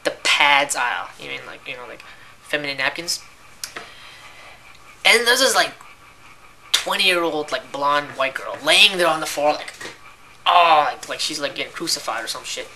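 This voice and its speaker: Low-voiced young woman ranting about work. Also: expressive, moderate pace, pauses often, pushed and bright, slight background noise. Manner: exasperated, rambling, heavy use of "like" and "right?". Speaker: retail cashier venting about customers. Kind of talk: casual ranting vlog.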